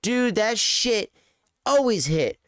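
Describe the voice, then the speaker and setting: A man's voice: high voice, very animated, slow pace, fairly bright tone, clean tone, dry recording, clean studio sound. A man streaming live, ranting in casual, profane, rambling chat.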